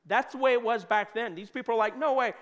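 High-voiced joking preacher in a reverberant hall. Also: male voice, quick pace. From United States. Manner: conversational and joking, with sudden loud bursts. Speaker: pastor. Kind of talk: sermon. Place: church hall.

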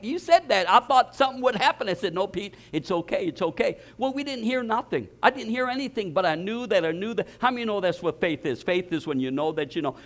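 A male pastor with a notably high-pitched voice delivers a sermon in a church. He tells stories with lively energy and often stumbles and restarts mid-phrase. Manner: storytelling, animated, repeats words and restarts.

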